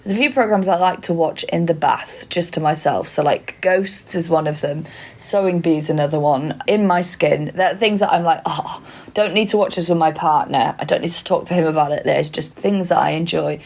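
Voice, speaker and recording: A woman with a mixed northern English accent, co-hosting a podcast in casual chat and telling stories in a chatty, animated way. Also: low voice, normal speed. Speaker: podcast co-host.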